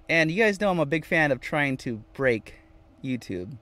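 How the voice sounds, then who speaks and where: Guy live streaming in his van, bit higher voice, reads chat comments out loud, goofy and repeats stuff. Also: big pitch swings, normal speed. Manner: playful, repeats phrases, reads viewer comments aloud. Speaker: vanlife livestream host. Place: inside a van.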